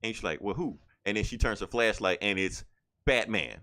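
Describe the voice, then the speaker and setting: Man, low voice, casual podcast host, rambling comic recap, filler words. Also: fairly quick, pushed and bright. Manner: rambling, filler-heavy retelling with quoted lines.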